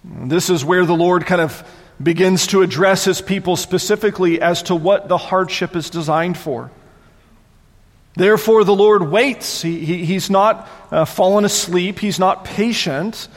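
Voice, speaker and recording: A man preaching a sermon as pastor, conversational and animated, often repeating words as he goes. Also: high voice, a little slow, long reverb tail.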